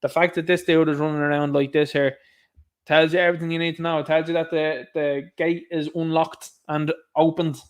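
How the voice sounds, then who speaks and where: A man's voice: fairly high pitch, flat delivery, fairly quick. A man with an Irish accent hosting a livestream, ranting with sarcastic indignation and calling his listeners lads. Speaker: livestream host.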